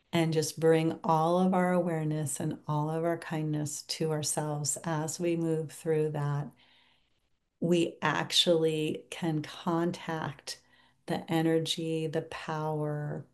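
Gentle soft-spoken woman teaching mindfulness. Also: low voice. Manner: gentle, reflective, softens to near-whisper when modeling self-talk. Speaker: meditation teacher.

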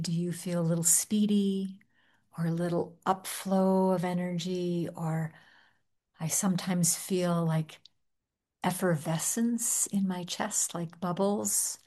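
A woman leading a guided meditation in a gentle, soft-spoken manner, with long pauses. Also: fairly low pitch, fairly even intonation. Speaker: meditation teacher.

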